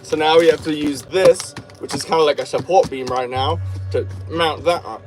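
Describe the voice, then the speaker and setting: A man's voice: fairly high pitch, normal speed, a little mellow, low-quality recording. A man hosting a casual crafting stream, rambling playfully between topics while he works. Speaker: channel host, crafter.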